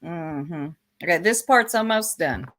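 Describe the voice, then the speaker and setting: A woman's voice: lowish voice, lively intonation, unhurried, a bit bright. A woman from Tennessee with a Southern accent, gossiping bluntly on a casual livestream and laughing often. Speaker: streamer.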